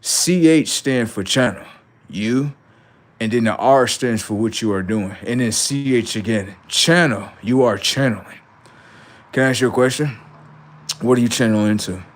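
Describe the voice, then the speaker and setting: A man rants at his livestream audience in a brash, confrontational way, swearing freely and tagging sentences with "right?". His voice sits a little on the low side. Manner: lectures viewers and reacts to chat. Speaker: livestream host. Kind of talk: profane livestream rant.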